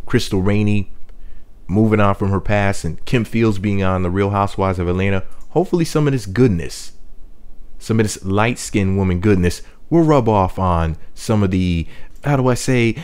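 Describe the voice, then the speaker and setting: A man's voice: on the low side, a little mellow, smooth. A man hosting a celebrity gossip channel, talking in a brash, joking, rambling way with loose asides. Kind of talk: casual gossip commentary.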